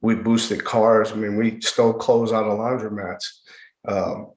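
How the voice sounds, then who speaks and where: A man as a podcast guest, telling his personal story in an earnest, reflective way, often halting and repeating words. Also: on the low side, flat delivery. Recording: echoey room.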